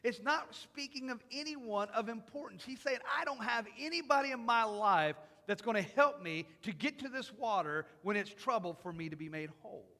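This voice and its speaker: A man preaching in a church with a very high, bright, forceful voice that rings out in a hall with a long reverb. He breaks into imagined voices and builds to loud, emphatic passages. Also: lively intonation, normal speed, few pauses. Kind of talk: sermon. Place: church sanctuary.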